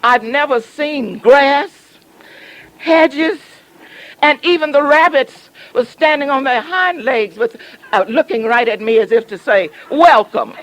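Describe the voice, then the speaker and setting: A woman's voice: high voice, slow, a bit bright, a little hiss or hum, rough recording. A woman pastor from the southern United States preaching a sermon, telling a story with humor and teasing her congregation.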